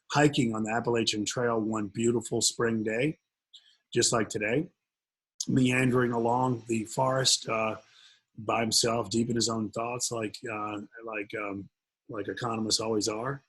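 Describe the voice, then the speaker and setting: A man hosting an investment webinar, talking casually with jokes, rambling and filling pauses with ums. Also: lowish voice, a bit bright, breathy edge, low-quality recording. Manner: rambling, joking, many fillers. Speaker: webinar host and investment speaker.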